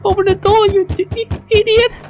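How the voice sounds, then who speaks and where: A woman's voice: on the high side, moderate pace, vocal fry, music in the background, voice pushed up. A woman doing a stuttering bratty girl. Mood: panicked. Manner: stutters constantly, mocking. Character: stuttering bratty teen girl assistant, teasing. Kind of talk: reading game dialogue aloud.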